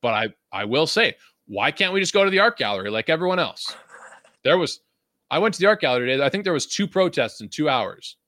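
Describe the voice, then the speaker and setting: A man's voice: a little high, big pitch swings, fast, bright, forceful tone, no echo, clean studio sound. A young man from Vancouver hosting a podcast, ranting in a casual, profane, rambling way and laughing often. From Vancouver, Canada. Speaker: podcast host.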